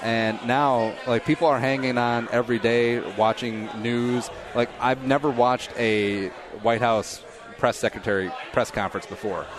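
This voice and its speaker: A middle-aged man hosting a podcast, chatting casually and cracking quick jokes. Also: mid-range voice, fairly even intonation, a crowd in the background. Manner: joking, quick asides. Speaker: podcast host. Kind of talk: casual chat.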